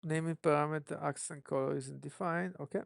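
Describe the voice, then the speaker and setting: Developer streaming live code, thinks aloud, heavy vocal fry, dry close sound. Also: medium pitch, steady tone, no echo. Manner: musing, self-questioning, unhurried.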